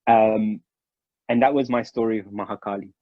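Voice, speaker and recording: A storyteller originally from Mauritius shares his memories informally, animatedly acting out the dialogue he quotes. He talks at a moderate pace with a lowish voice, with no room sound in a dry, slightly dull recording.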